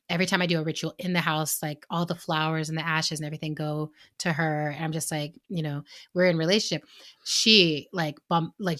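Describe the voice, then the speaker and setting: A woman co-hosting a podcast, telling personal stories in a chatty way with many "like"s and quick laughs. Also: deep voice, fairly bright tone. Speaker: podcast co-host. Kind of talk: casual chat.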